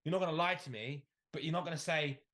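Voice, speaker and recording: A man's voice: a little high, fast talker, a bit bright. A man, a bodybuilder in casual chat, teasing the others and often restarting his sentences.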